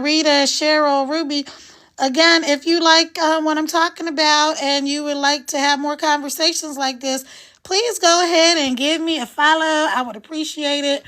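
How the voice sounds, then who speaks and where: A high-pitched woman in her sixties talks casually to her live-stream viewers. She is frank and chatty, greeting people by name and answering their comments directly. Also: a bit bright. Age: 60s.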